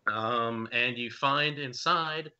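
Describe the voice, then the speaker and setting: A man's voice: mid-range voice, slow, bright, forceful tone. A young man running a tabletop game as game master, narrating in a loose, hesitant way with many fillers, on dull lo-fi stream audio.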